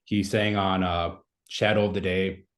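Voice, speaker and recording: A man in his thirties with a fairly low voice talks through a story in relaxed podcast chat. He rambles and scatters fillers all through his sentences. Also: measured pace. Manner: rambling, many fillers like "like" and "you know". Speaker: podcast guest. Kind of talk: casual conversational storytelling.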